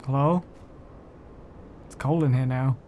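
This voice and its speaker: Male streamer, casual game commentary, chatty, joking, mid pitch, desk mic. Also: steady tone, slow, dark tone, a little hiss or hum. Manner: chatty, joking, talks to himself and chat. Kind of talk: casual live gameplay commentary.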